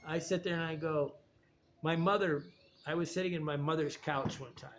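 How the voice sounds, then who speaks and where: A man's voice: fairly high pitch, fairly even intonation, normal speed, slight background noise. A man talking in a rambling, digressive monologue, often restarting his sentences. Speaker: video essayist.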